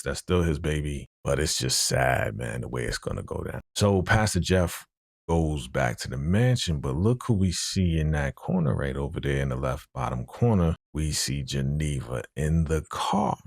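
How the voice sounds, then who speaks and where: A man talks through a TV episode in a loose, slangy way, full of "you know"s. His voice is deep and gravelly, but the pitch jumps all over. The sound is dry and close. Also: normal speed, dry recording. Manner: animated, slangy, keeps saying "you know". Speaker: TV episode reaction host. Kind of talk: casual recap chat.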